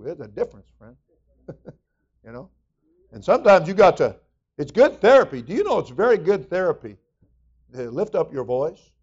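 A man's voice: medium pitch, a little mellow, dull audio. A man preaching a sermon as pastor, folksy and conversational with emphatic rising bursts.

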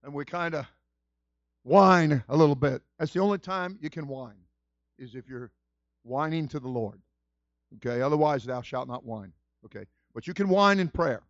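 Animated pastor preaching a sermon. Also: male voice, a little high, moderate pace, no echo, highs cut off. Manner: animated storytelling, acts out quoted voices. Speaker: senior pastor. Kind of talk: conversational sermon.

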